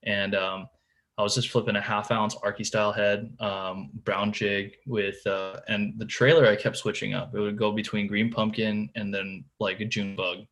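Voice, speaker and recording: A man's voice: on the low side, little pitch movement, normal speed, a bit bright. Laid-back man telling a fishing story. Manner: casual, lots of "like", "dude" and "man"; restarts and repeats words while telling the story. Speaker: podcast guest, tournament bass angler. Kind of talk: casual storytelling interview.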